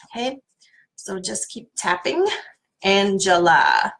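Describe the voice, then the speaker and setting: A middle-aged woman coach leading a guided tapping workshop in a calm, soothing manner. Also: mid-range voice, measured pace, low-quality recording. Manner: calm, soothing guidance with playful repeated names.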